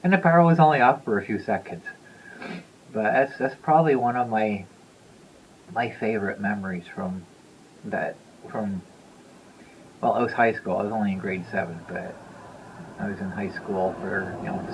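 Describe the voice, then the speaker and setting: A man's voice: lowish voice, normal speed, pauses often, slight background noise, rough recording. A man in his fifties telling a story to the camera in a loose, rambling way, chuckling and repeating himself. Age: 50s. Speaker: vlogger. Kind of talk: casual storytelling.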